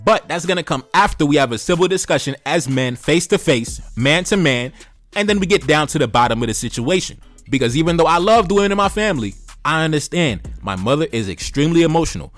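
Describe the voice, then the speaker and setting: A man's voice: fairly high pitch, expressive, quick pace, a bit bright, no room sound, faint music behind. A man hosting a commentary channel, lecturing his audience in an emphatic, repetitive, preachy way. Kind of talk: preachy direct-to-camera commentary.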